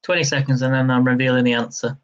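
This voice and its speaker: A man's voice: medium pitch, little pitch movement, fast talker. Man, quiz host, casual live stream, chatty, upbeat, muffled lo-fi sound. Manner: chatty, upbeat, laughs easily.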